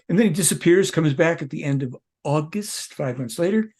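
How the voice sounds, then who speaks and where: A man's voice: fairly high pitch, fairly quick, a little mellow. An older man speaking as an interview guest, emphatic and rambling, often restarting his sentences. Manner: emphatic, rambling, with self-corrections. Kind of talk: conversational interview.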